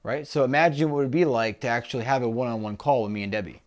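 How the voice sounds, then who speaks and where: A man co-hosting a casual business chat, talking conversationally and pitching a one-on-one call. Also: rapid-fire. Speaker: business coach co-host.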